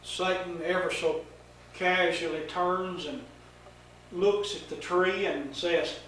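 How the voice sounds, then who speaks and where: An older man teaching a Bible lesson, telling the story in a slow, folksy way with fillers, in an echoey room with the mic set far off. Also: sits high, steady tone, a bit bright, slight background noise.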